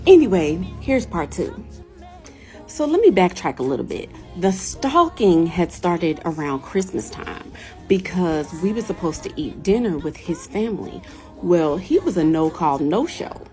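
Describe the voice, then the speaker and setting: A woman telling a personal story to camera in a casual storytime, animated and laughing, acting out quotes. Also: unhurried, soft background music. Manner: animated, laughing, acts out quotes with big pitch jumps. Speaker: storyteller vlogger.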